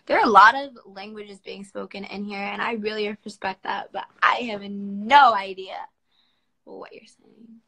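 A woman's voice: medium pitch, fairly even intonation, moderate pace, vocal fry, few pauses, sharp tone, low-quality recording. A woman in her twenties from Washington, D.C., chatting casually on a phone livestream and answering viewers' comments at home. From Washington, D.C., United States. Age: 20s. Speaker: model answering fans on a livestream.

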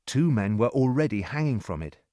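A man narrating a story in a slow, clear reading voice. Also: mid-range voice, very animated, mellow, no echo, studio quality. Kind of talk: scripted narration.

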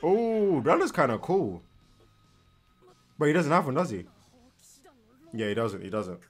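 A young man chats through a viewing with an animated, swooping voice that climbs and dips a lot. He sounds worn out and yawny, slipping in slang and repeating himself. Faint soundtrack music hums underneath. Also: on the high side, measured pace, slightly rough. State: tired, yawning. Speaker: anime reaction host. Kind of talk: casual reaction commentary. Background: faint anime soundtrack.

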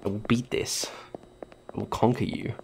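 Low-ish guy doing let's play commentary, jokey, cussing, talking to the game people. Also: fairly even intonation, normal speed, creaky, background noise. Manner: jokey, swears, talks to game characters. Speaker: gaming YouTuber.

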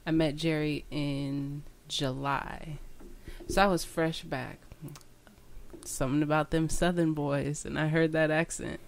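A young woman from Washington State, a podcast guest telling stories in an animated, frank way during a casual chat. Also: low-pitched, unhurried. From Washington State, USA.

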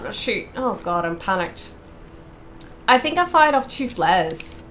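A woman's voice: medium pitch, sing-song, unhurried, background noise. A woman playing a horror game, talking casually to herself, swearing freely and screaming when startled. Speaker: let's play streamer. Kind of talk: casual gameplay commentary.

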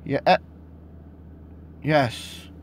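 A young man talking to himself while he plays a phone game, frustrated and swearing, a little hoarse from losing his voice. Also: drawn-out words. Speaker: vlogger playing a mobile game. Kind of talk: casual vlog commentary.

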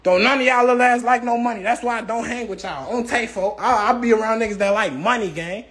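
A young rapper rants furiously at a rival during a livestream, swearing and repeating tags such as "gang" and "on tape." He speaks quickly in a very high-pitched, fairly bright voice with a roomy sound.

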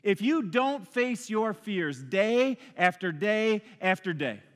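A male pastor gives an energetic, conversational sermon from a church stage. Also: high-pitched, slow. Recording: long hall reverb.

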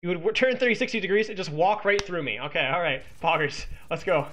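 A man's voice: high-pitched, fairly quick, pushed and bright, slight background noise. A man coaching as he analyzes a game replay, teasing and sarcastic, cracking jokes between points. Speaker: esports coach.

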